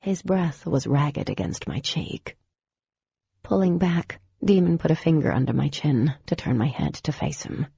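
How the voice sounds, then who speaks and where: A woman narrating a first-person audiobook in a measured, intimate storytelling way. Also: sits low, very animated, gravelly, warm tone, breathy edge, no room sound, lo-fi sound.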